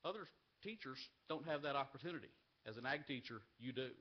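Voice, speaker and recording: A man delivers a heartfelt speech at a live university event, earnest and openly emotional. His pitch sits in a middling range, and he leans on repeated phrases for emphasis. The webcast audio is a little dull. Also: expressive, fast. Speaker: agricultural education association leader giving a speech.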